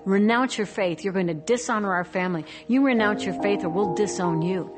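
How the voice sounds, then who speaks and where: Woman doing a stern angry father, demanding, mid pitch. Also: a little fast, over loud music, natural voice. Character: angry father threatening his daughter.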